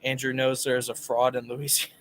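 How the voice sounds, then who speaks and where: A man's voice: mid-range voice, monotone, a little fast, fairly bright tone, slight background noise. A man co-hosting a casual live sports talk show, reading viewer comments and giving his picks in a chatty way. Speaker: podcast co-host.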